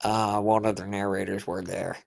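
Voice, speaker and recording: A man's voice: fairly low pitch, flat delivery, moderate pace, gravelly, no room sound, clean studio sound. A man co-hosting a live stream in casual chat, goofy and fond of silly voices. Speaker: co-host, streaming guest.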